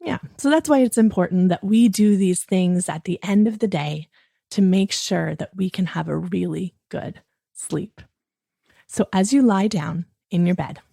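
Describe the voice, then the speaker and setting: A woman hosting a children's bedtime podcast, gently coaxing a child listener through a relaxing wind-down routine. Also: medium pitch, creaky, no echo, studio quality.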